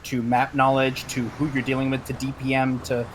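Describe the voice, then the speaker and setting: Male guest streamer, mid pitch, rambling, faint hiss under the call audio. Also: monotone, fairly quick. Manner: rambling, many restarts and fillers. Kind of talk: casual gaming chat.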